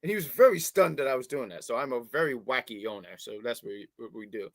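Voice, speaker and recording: A man's voice: medium pitch, quick pace, dry recording. A man co-hosting a wrestling review show, talking casually and with feeling, often repeating his words as he starts a thought. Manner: animated, repeats words, baby-talks to his cat.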